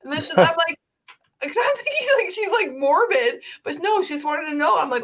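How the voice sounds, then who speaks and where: A woman's voice: very high voice, very animated, a little fast, a bit bright. A young woman co-hosting a casual livestream chat, telling a story with lots of "like" and nervous laughter. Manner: breathless, laughing storytelling with many "like"s. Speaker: co-host.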